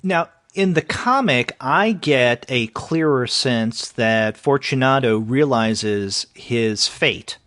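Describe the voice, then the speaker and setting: A man co-hosting a comics review podcast, analyzing a story in a measured way with hesitant fillers. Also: medium pitch, animated, a bit bright, no room sound. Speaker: podcast co-host. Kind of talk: casual comics review discussion.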